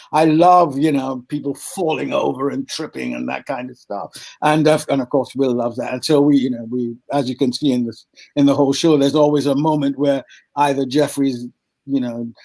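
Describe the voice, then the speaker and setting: An older man with a British accent tells stories with animated energy, often laughing and stumbling over restarts. His voice sits a little high for a man. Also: low-quality recording. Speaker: actor guest. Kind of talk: storytelling in a podcast interview.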